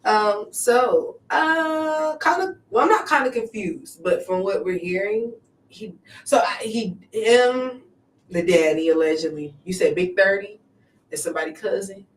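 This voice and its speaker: A woman's voice: mid-range voice, unhurried. A woman co-hosting a casual chat show, chatty and full of questions, often trailing off and restarting. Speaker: podcast co-host. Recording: echoey room, distant mic.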